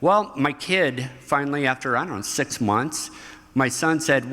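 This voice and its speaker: Bright-voiced middle-aged man telling stories. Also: mid-range voice, unhurried. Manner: animated, laughing storyteller. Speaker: interview guest. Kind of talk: storytelling interview. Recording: hall reverb.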